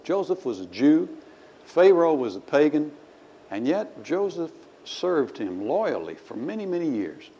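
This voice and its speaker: A man's voice: a little high, very animated, measured pace, dark tone, a little hiss or hum. A man preaching a sermon in a church. He talks in a folksy way and reads scripture aloud with rising emphasis. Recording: slightly dull recording with faint ambience.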